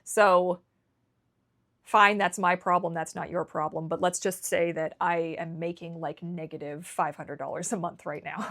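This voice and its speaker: A woman's voice: fairly low pitch, fairly even intonation, measured pace, fairly bright tone. A Canadian woman vlogging candidly, emotional and rambling, often restarting her sentences. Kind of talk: candid personal vlog.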